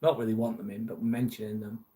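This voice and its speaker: A man's voice: on the low side, flat delivery, fast, dark tone. A man hosting a casual livestream, chatting bluntly with viewers and swearing freely. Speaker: livestream host reading viewer chat. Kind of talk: casual live chat.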